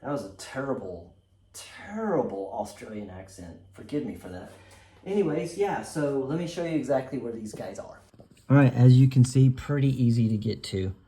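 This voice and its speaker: A man with a medium-pitched, dark-toned voice explains a car repair step by step as he does it. The DIY mechanic host is expressive, talks at a normal speed, and jokes about himself as he goes.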